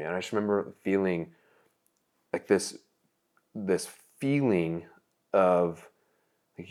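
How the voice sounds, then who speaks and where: Deep-voiced young male guest, candid, rambling, emotional storyteller. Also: a little slow, pauses often. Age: young adult. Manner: rambling, emotional, many likes and restarts.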